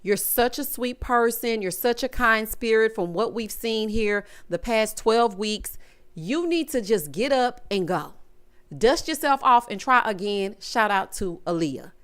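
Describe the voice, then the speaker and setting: Sassy, animated woman recapping reality TV. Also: a little high, a little slow, clear, resonant tone. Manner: sassy, emphatic, talks straight to the people on screen; acts out quotes in shifting voices. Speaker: recap vlogger.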